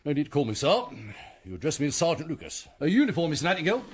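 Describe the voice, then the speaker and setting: A pompous commissionaire sergeant. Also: male voice, fairly high pitch, huge pitch swings, rapid-fire, a little hiss or hum. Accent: former Cockney, now put-on posh. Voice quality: pompous, officious. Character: bossy, fussy male commissionaire sergeant, middle-aged. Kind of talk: radio comedy acting.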